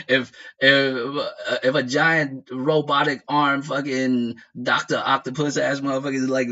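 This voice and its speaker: A man who grew up in the United States, talking casually as a streamer in a profane, animated rant full of laughs. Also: mid-range voice. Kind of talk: casual chat. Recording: dull lo-fi audio.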